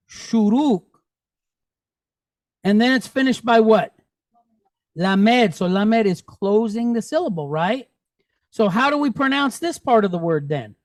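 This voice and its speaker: Slow, patient man teaching. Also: high voice, expressive, dry recording. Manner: patient, checks understanding often; drills pronunciation aloud. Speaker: Hebrew teacher. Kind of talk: classroom teaching.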